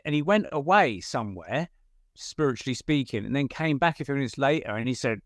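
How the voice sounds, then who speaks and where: A man tells a story as a guest, chatty and animated, with an average pitch. He trips over a few words and sprinkles in fillers. The sound is dry and close. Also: fairly quick, no echo. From United Kingdom. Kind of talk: casual storytelling in an interview.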